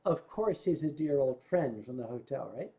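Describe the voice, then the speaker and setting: A man's voice: medium pitch, expressive, moderate pace, dark tone. An older man, a vlog host, telling rambling anecdotes in casual storytelling style with asides to his viewers.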